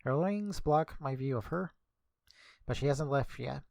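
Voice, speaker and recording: Gravelly young man reading a game aloud. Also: medium pitch, measured pace, a little mellow, no echo. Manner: casual reading with slips and self-corrections. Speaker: streamer. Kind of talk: reading a visual novel aloud.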